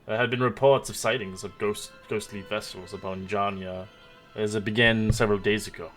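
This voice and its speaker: A man voicing a stern female high court official in a tabletop game, asking formal, halting questions. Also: fairly even intonation, a bit bright, faint music behind, natural voice. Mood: probing.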